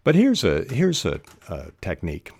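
An older man hosting a podcast on fiction writing talks through techniques in a deep, low, creaky voice that is slightly rough and darkish, with wildly swooping pitch. He's unhurried, sometimes restarts sentences and uses the odd filler. The sound is close and dry with no room around it.

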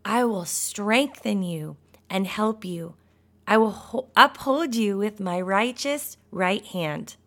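A woman hosting a devotional podcast, speaking encouragement to mothers and reading scripture aloud with warm enthusiasm and the odd laugh or sigh. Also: medium pitch, slow pace. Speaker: podcast host.

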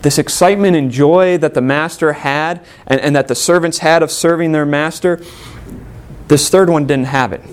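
A man's voice: fairly high pitch, normal speed, a little hiss or hum. A male preacher giving a sermon, emphatic and full of rhetorical questions.

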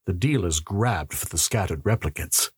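A man's voice: low voice, lively intonation, moderate pace, breathy edge, dry recording, studio quality. A man narrating a story in the first person with a wry, sardonic manner.

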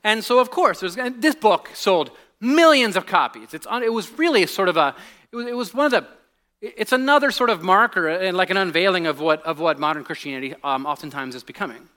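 High, bright-voiced man preaching casually. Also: fairly quick. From United States. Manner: animated storytelling, drops to a hushed voice on serious points, many restarts. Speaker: pastor. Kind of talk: conversational sermon.

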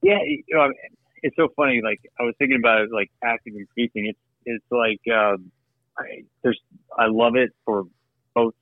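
A man being interviewed about his work as an actor and producer, talking in a loose, animated way with frequent laughs and restarts. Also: medium pitch, normal speed, no room sound. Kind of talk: casual interview conversation. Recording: phone-like remote line.

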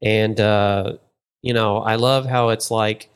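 A man's voice: fairly low pitch, fairly even intonation, unhurried, creaky, clean tone. Rambling jokey male podcast host. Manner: rambling, jokey, trails off mid-sentence. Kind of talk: casual chat.

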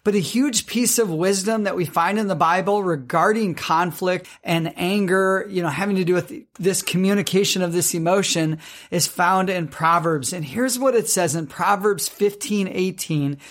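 A man co-hosting a faith-based marriage podcast with his wife, talking earnestly and reading scripture slowly. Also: high voice, fairly bright tone. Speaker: podcast co-host.

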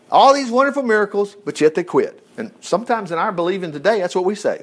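A pastor with a high-pitched voice preaches a sermon in a folksy, animated style. He adds chuckling asides and moves quickly between reading and commentary.

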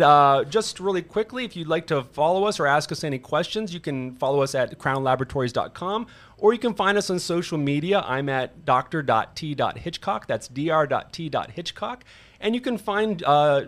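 A man's voice: on the high side, fairly bright tone. A man hosting a science podcast, talking in an easygoing, conversational way with some fillers. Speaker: podcast host, chief science officer. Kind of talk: casual podcast chat.

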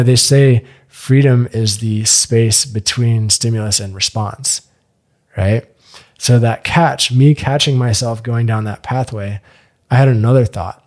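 Guy on a podcast telling a story, lively, swears a lot, acts out what people said. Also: on the low side. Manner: animated, acts out quoted voices, swears freely. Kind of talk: casual storytelling.

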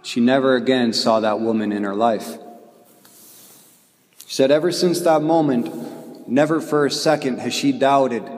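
A man, a priest, telling a story in his homily with an earnest tone and slow, emphatic phrasing. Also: medium pitch, darkish tone, in a large hall.

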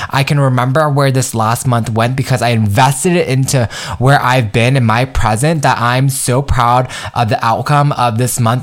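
A man hosting his own podcast, giving the listener a candid, profane pep talk and calling them "girl" and "my love.". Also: mid-range voice. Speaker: podcast host. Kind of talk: motivational solo podcast talk.

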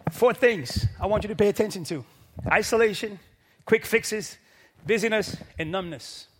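A man preaching a sermon to a congregation, building from quiet, low lines to loud, shouted peaks with rhythmic repetition. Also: slight background noise. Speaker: pastor. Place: church.

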